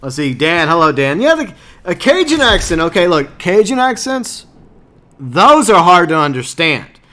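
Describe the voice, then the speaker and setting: A man's voice: sits high, sing-song, moderate pace, sharp tone. A man streaming a video game from home, chatting casually with viewers and often stumbling over his words in a self-mocking way. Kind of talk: casual chat with viewers while gaming. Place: home streaming setup, Louisiana.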